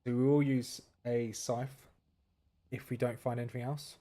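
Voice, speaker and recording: A man's voice: mid-range voice, level tone, unhurried, warm tone. A man giving casual commentary as he plays a game, thinking aloud and answering viewers' questions. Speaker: gaming streamer.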